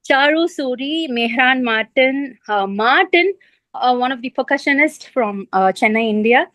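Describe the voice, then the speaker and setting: A woman composer and singer on a video call, out of breath at a railway station, talking haltingly with many fillers and apologies. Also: sits high, lively intonation, a bit bright, no room sound, poor audio. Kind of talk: video call panel talk.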